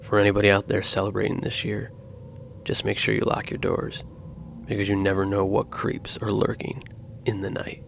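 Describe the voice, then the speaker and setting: Man, horror narration, scripted, heavy vocal fry, level monotone delivery. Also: lowish voice, moderate pace, a little hiss or hum.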